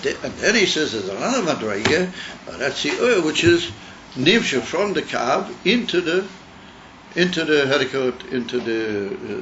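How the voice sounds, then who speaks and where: Man, rabbi, text-study class, explanatory, thinking aloud, middle pitch, muffled lo-fi recording. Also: noisy background. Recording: dull lo-fi recording.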